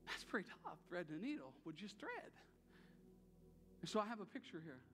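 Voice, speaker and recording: A man's voice: high voice, big pitch swings, fairly quick, big-room sound, over music. A man preaching a sermon as pastor, talking in a conversational way and repeating phrases for emphasis. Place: church sanctuary.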